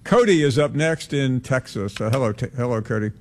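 A male sports radio host taking calls and talking slowly, with many hesitations. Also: medium pitch, lively intonation. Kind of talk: call-in sports talk.

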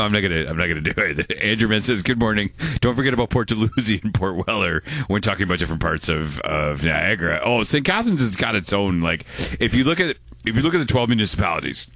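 A man's voice: on the low side, bright, forceful tone, no echo. A man co-hosting a weekend radio talk show, joking around with his partner. His voice swings up and down a lot as he talks. The studio mic sounds close and dry. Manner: playful, jokey, quick to laugh. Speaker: radio co-host. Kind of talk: casual chat.

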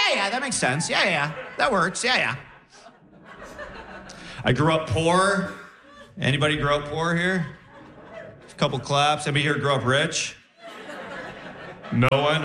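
A young man doing a stand-up set, animated and laughing through his punchlines. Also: a little high, echoey room. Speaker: stand-up comedian. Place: comedy stage.

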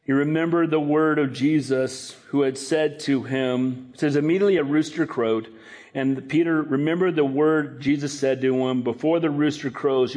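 A man preaching a sermon, animated, acting out scripture quotes in a raised voice. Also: medium pitch. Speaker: pastor.

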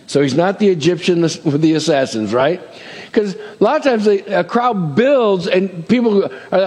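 A man's voice: sits high, animated, normal speed, a little mellow, breathy edge, long reverb tail. A man preaching a sermon as pastor, talking conversationally with asides and checking in with "amen?".

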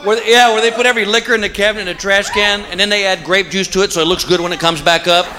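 A man with a high-pitched, steady voice speaks very fast in folksy stand-up before a live audience, spinning stories that build to a repeated punchline. The live stage audio carries crowd noise.

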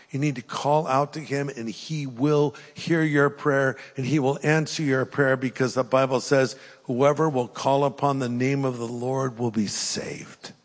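Older male preacher in a reverberant hall. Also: medium pitch. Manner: earnest, preacherly, swings between rising emphasis and hushed pleading. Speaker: pastor. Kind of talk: sermon with altar call. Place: church hall with live audience.

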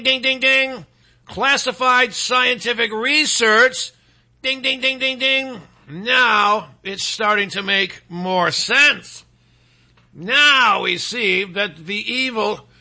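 Hosting his own show, a man launches into a rambling, comedic conspiracy rant, full of restarts and asides to the audience. His voice is high, creaky, bright, and husky, with a forceful tone.

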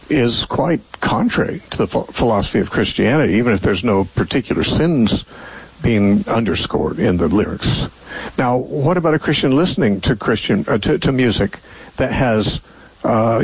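An older man hosts a call-in radio Bible show, answering callers with thoughtful, rambling explanations full of fillers and restarts. His medium-pitched voice has a breathy edge, and the audio quality is poor.

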